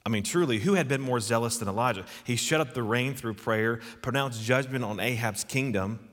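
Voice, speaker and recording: A man's voice: medium pitch, fairly quick, fairly bright tone, big-room sound. A man preaching a sermon, earnest and emphatic, putting questions to his listeners. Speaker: pastor.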